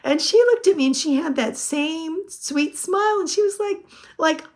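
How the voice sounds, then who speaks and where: A woman's voice: very high-pitched, expressive, normal speed, a little mellow. A woman in her fifties chatting casually to her viewers as a weight-loss vlogger, rambling and laughing often. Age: 50s. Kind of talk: casual chat to camera.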